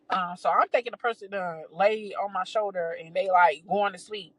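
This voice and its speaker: A young adult woman hosting a podcast, telling a story in a casual, animated, profane way, with many restarts and exasperated asides. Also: medium pitch, moderate pace, hardly any pauses, no room sound, poor audio. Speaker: podcast host.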